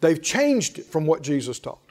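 Male preacher, high voice, emphatic sermon delivery, long hall echo. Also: big pitch swings, moderate pace, a little mellow. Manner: emphatic, calls on the congregation to respond.

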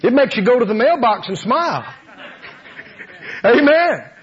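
High, lively preacher. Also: male voice, a little slow. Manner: animated, laughing, acts out voices. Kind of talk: sermon. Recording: dull lo-fi sound.

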